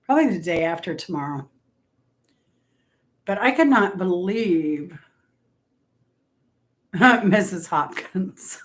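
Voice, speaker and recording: Slow-talking chatty woman. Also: medium pitch. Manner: chatty and rambling, talks to viewers by name. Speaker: livestream host chatting with viewers. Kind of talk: casual livestream chat.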